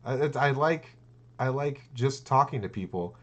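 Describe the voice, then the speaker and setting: A man's voice: medium pitch, lively intonation, normal speed. Casting: man, podcast co-host, casual rambling storyteller who acts out quotes. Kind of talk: casual chat.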